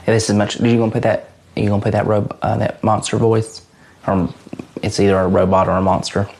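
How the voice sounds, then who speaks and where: A man's voice: on the low side, level tone, fairly quick, darkish tone, lightly acted, rough recording. An actor playing an awkward, earnest adult man who stammers through a mock interview as someone's twin brother. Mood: uneasy. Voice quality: creaky. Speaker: interview guest.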